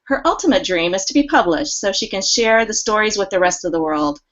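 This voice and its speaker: A woman's voice: medium pitch, animated, a little fast, a bit bright, close to an everyday voice. A woman doing a courtly old vampire count. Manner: formal, courtly address. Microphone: video call. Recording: muffled lo-fi video call audio.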